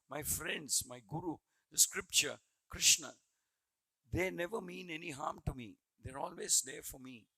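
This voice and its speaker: A man's voice: on the high side, vocal fry, pushed and bright, no room sound, low-quality recording. A man giving a devotional scripture class, earnest, repeating phrases as he retells a story. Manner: earnest, repeats phrases while building a point.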